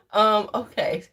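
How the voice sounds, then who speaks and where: A woman's voice: medium pitch, pushed and bright. A woman hosting a casual livestream, rambling between topics, laughing often and chatting with her viewers. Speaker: livestream host.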